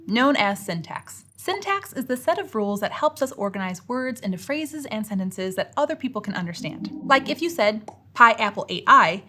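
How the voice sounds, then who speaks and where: A woman's voice: medium pitch, fairly bright tone, slight background noise. A young woman narrating a scripted educational lesson in an upbeat way, with playful asides. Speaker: educational host.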